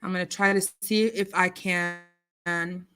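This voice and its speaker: A woman hosting a casual livestream chat, animated and outspoken, quoting scripture and swinging between loud outrage and hushed apologies. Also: fairly low pitch, unhurried, clear, resonant tone. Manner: religious, quotes scripture. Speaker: livestream host.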